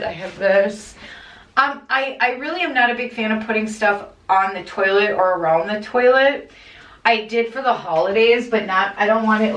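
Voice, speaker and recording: A woman's voice: mid-range voice, a bit bright, a little hiss or hum. A woman with a Minnesota accent, thinking aloud as she cleans her bathroom for her vlog. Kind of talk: casual commentary while cleaning. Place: small bathroom indoors. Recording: echoey room, mic at a distance.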